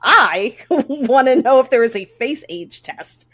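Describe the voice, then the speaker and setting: Giggly woman cohost, high bouncy voice all over the place, chatty. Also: takes it slowly. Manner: giggly, lively, quotes herself. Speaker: podcast co-host. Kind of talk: casual chat.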